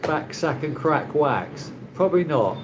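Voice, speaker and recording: A man's voice: a little high, sing-song, a little slow, noisy background. A man from England, hosting a rambling casual live chat with viewers from his condo, laughing often. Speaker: livestream host. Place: condo in the Philippines.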